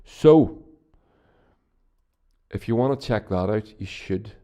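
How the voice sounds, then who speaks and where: A man's voice: fairly low pitch, lively intonation, takes it slowly, dark tone. A Northern Irish man hosting his own podcast, chatting casually in a rambling, profane way with lots of restarts. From Northern Ireland. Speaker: podcast host. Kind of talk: casual solo podcast chat.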